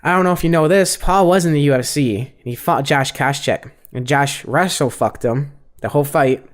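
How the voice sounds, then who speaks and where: A man's voice: fairly high pitch, normal speed. A young man co-hosting a podcast, chatting casually and profanely about fights with lots of fillers. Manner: rambling, profane fight breakdown with many fillers. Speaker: podcast co-host. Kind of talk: casual chat.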